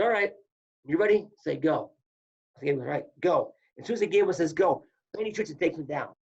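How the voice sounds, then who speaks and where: Over dull lo-fi audio, a podcast guest who used to wrestle shares stories from the ring in a slightly high voice with vocal fry. He tells them casually and with animation, performing each quote.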